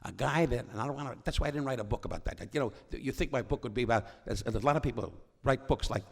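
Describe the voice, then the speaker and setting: A man's voice: mid-range voice, very fast, vocal fry. An older man, a comedian telling rambling, wisecracking stories on stage, often breaking off to interrupt himself. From New York. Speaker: comedian guest. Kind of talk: on-stage storytelling conversation. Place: stage before a live audience.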